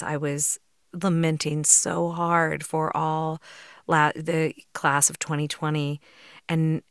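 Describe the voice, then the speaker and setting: A woman's voice: deep voice, no echo, clean studio sound. A woman hosting a podcast interview, heartfelt and tearful as she praises her guest. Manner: emotional, tearful while reading aloud. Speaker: podcast host.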